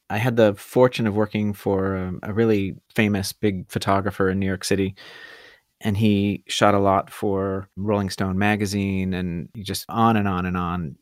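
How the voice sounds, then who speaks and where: A man telling the story of his career in a relaxed interview, rambling and self-deprecating, with hesitant restarts. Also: lowish voice, dry recording, clean studio sound. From California. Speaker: guest food photographer.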